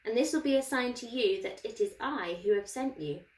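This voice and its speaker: A woman voicing God as a calm male deity, speaking slowly and solemnly in a Bible reading for children. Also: on the high side, reverberant, close to an everyday voice, rough recording. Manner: slow, measured, solemn.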